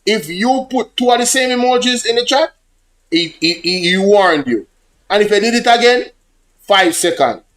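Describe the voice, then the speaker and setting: Animated Jamaican man, higher voice. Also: normal speed. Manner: animated, slips between English and patois, addresses chat directly. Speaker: livestream host. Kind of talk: casual livestream commentary.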